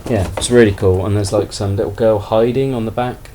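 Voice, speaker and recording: A man casually chatting through a haul of toy finds in a relaxed, rambling way. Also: fairly low pitch, brisk, a little hiss or hum. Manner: relaxed, rambling, self-deprecating. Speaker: toy collector vlogger. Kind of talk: casual haul video chat.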